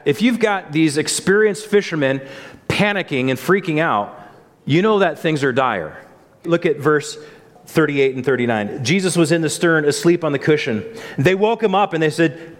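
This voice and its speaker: A man's voice: on the high side, animated, unhurried, in a large hall. A man preaching a sermon at a church service, talking casually and putting questions to the congregation. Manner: conversational, asks the congregation questions. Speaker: pastor.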